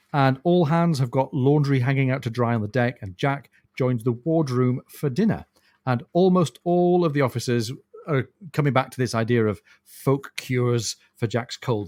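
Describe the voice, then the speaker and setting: A man's voice: medium pitch, darkish tone, dry recording, clean studio sound. A man co-hosting a podcast, chatting thoughtfully about a novel and laughing now and then. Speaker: podcast co-host. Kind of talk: casual book discussion.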